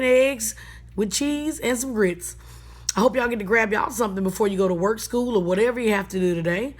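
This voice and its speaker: Blunt, sassy woman hosting a casual radio talk segment. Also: medium pitch. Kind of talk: casual monologue.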